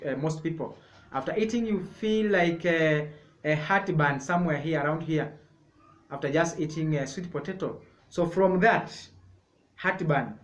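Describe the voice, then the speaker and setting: A man from Kenya with a voice on the high side leads a sign language lesson, speaking slightly raised and very slowly. He explains step by step, repeating each word, and the echoey room makes his voice ring hollow.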